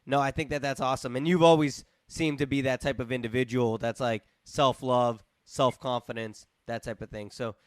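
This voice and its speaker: A man's voice: mid-range voice, fairly even intonation, moderate pace, few pauses, no echo. A man hosts a casual podcast chat in a mid-range voice. He rambles and repeats words, and his voice sounds dry and close. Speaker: podcast host.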